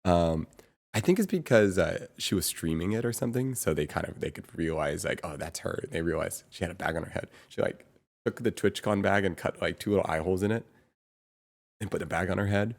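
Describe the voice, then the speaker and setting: A man's voice: low voice, expressive, brisk, gravelly. A man chatting casually on a stream, rambling and searching for words with lots of fillers and the odd chuckle. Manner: chuckles between phrases. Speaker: streamer's brother, guest on stream. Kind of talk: casual chat.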